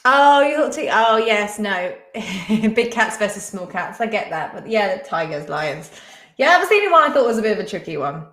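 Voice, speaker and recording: A woman's voice: mid-range voice, sing-song, normal speed, a bit bright. A woman hosting a live-stream quiz, chatting casually and reading out viewers' names and answers. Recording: echoey room.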